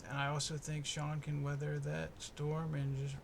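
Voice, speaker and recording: Young male podcast host, gravelly and slightly high, loose and profane, cracks jokes as he rambles. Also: completely flat delivery, moderate pace, slight background noise. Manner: profane, laid-back, rambling and jokey. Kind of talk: casual solo fight-prediction podcast. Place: home in the US East Coast.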